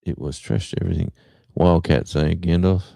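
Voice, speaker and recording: A man's voice: low-pitched, lively intonation, moderate pace, creaky, mellow, dry recording. A middle-aged man hosting a livestream, chatting casually and rambling with lots of fillers. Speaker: livestream host.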